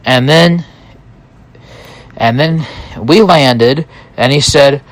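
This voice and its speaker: A man narrating a story in the first person, relaxed and slow, with hesitant restarts. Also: medium pitch, no room sound.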